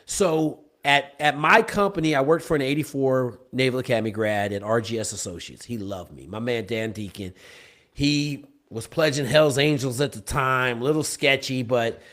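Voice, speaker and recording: Speaking at a moderate pace, this man has a medium-pitched, fairly bright voice. As a podcast guest, he relates a story with emphasis, checking in often with "okay?" and tossing in "bro."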